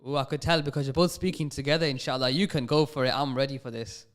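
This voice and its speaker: A man's voice: mid-range voice, fairly even intonation, fast talker. A man hosting a live radio call-in show. He is patient and encouraging with young callers and peppers his speech with religious phrases. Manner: sprinkles Islamic phrases through his talk.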